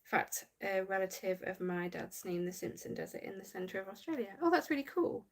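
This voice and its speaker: A woman's voice: medium pitch, lively intonation, brisk. A woman hosting a casual livestream, chatting and giggling as she reads viewer comments aloud. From United Kingdom. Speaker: livestream host reading chat.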